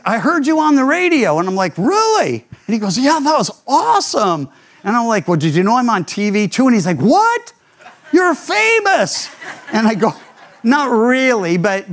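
High-voiced older man preaching. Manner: animated storytelling, acts out quoted voices. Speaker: pastor. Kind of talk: sermon.

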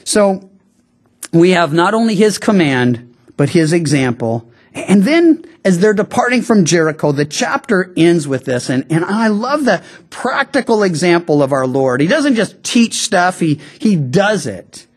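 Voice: medium pitch, sing-song. Conversational pastor preaching a sermon. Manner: conversational preaching, slowing down on key phrases; frequent restarts and stammered repeats.

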